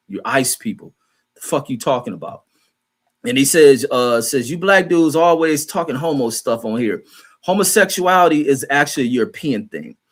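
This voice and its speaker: A man hosting a livestream, ranting in a profane, combative and mocking way while he reads out and answers chat comments. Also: medium pitch. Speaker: livestream host reading chat. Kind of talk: heated livestream rant.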